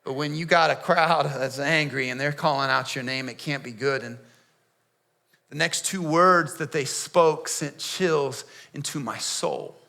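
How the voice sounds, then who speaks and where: In church, a male pastor performs a dramatic monologue as a defiant, streetwise prisoner, confiding his story in the first person with loose, slangy asides. His voice is a little high and gravelly, sharp-toned and exaggerated, moving at a measured pace.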